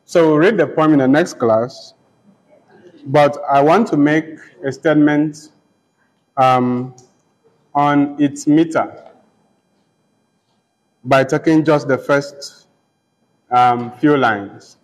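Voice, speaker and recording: A man lecturing a class on poetry, speaking deliberately and counting syllables aloud. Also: medium pitch. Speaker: literature lecturer. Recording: long hall reverb.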